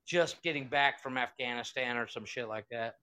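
A man's voice: mid-range voice, moderate pace, pushed and bright, clean tone. A man co-hosting a podcast in casual chat, rambling and swearing, often trailing off while he searches for names. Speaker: podcast co-host.

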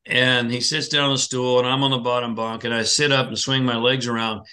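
A man's voice: mid-range voice, flat delivery, fairly quick, sharp tone. A man being interviewed, telling a personal story vividly and acting out the dialogue, often restarting his sentences. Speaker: podcast guest.

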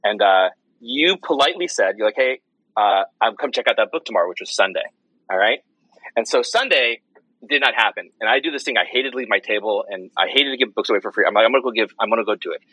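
Fast-talking husky man telling a story. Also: fairly low pitch, animated, bright, forceful tone, dry recording, rough recording. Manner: quick, rambling storyteller with many restarts. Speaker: podcast guest, comics writer. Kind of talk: casual chat.

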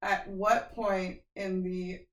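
A woman guest on a casual podcast, chatty and quoting characters as she talks. Her voice sits at a middle pitch. The room around her sounds echoey. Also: flat delivery, takes it slowly, fairly bright tone. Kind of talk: casual chat.

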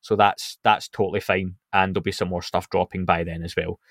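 A man with a lowish voice hosts a podcast in an easy, chatty way. He fills pauses with ums and restarts his sentences. The sound is dry and close. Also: dry recording. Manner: relaxed, chatty, with frequent fillers and restarts. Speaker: podcast host. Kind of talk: casual podcast chat.

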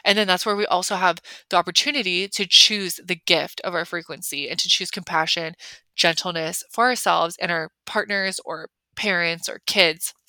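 A young woman hosts a solo podcast in a chatty, emphatic way, leaning on "like" all the time. Her voice sits a bit low but sounds bright and forceful. The recording is dry and close. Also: moderate pace, no room sound. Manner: chatty, filler-heavy, emphatic with lots of "like". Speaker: podcast host. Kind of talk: casual solo podcast talk.

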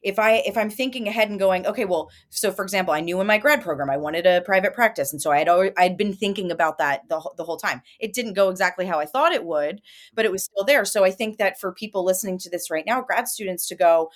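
A woman's voice: medium pitch, quick pace. Earnest woman podcast host. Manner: earnest, encouraging, talks directly to listeners. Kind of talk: casual podcast chat.

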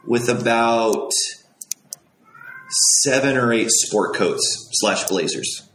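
A man's voice: mid-range voice, slow, fairly bright tone, a little hiss or hum. A young man in his twenties, a made-to-measure clothier, telling a personal story in an earnest, rambling way with lots of fillers. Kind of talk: casual storytelling. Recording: echoey room.

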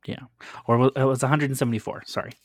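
A man's voice: mid-range voice, fairly even intonation, rapid-fire, dry recording, studio quality. A man co-hosting a podcast, talking casually with lots of "like" fillers and frequent laughter. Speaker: podcast co-host. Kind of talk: casual chat.

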